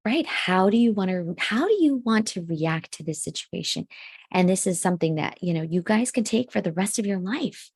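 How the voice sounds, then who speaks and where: A woman co-hosting a podcast in casual chat, animated and rambling, often breaking into laughter. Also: medium pitch, moderate pace, slightly rough, dry recording. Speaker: podcast co-host.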